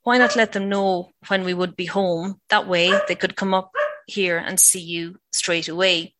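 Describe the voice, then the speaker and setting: A woman's voice: lowish voice, fairly even intonation, measured pace, background noise, lightly acted. A woman reading the lines of an earnest young husband trying to make peace. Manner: reasoning, conciliatory.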